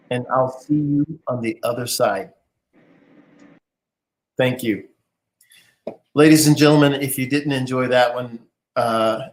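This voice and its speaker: A man hosting a live interview show, jovial and teasing with his guest. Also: medium pitch. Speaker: host.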